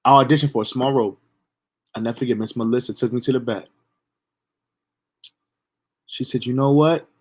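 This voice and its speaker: Animated young man telling stories. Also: medium pitch, a little fast, long pauses, husky. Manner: animated, profane, laughs at own story. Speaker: storyteller streamer. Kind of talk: casual storytelling monologue.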